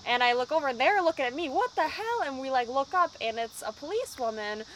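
A young woman chats in a casual interview, a band singer telling stories with lively acted-out quotes. Her voice sits a little high. Faint night noise and crickets hum behind her. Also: fast, poor audio. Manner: lively storyteller, acts out quotes. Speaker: band vocalist.

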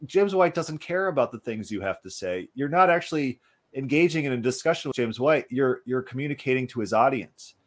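A man hosting a casual discussion, talking in an animated way with many restarts. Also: mid-range voice. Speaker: podcast host.

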